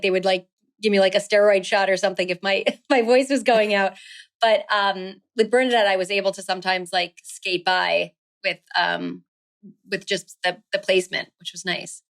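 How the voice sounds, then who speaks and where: An actress in her thirties chatting as a guest in an interview, filling her speech with "um" and "like.". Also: mid-range voice. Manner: chatty, many fillers like "um" and "like". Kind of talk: casual interview chat.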